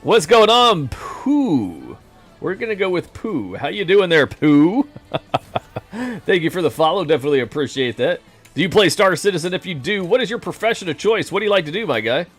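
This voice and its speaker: Lively, chatty male game streamer. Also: high voice, moderate pace, faint music behind. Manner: rambling, self-deprecating, jokey. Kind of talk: casual live-stream chat.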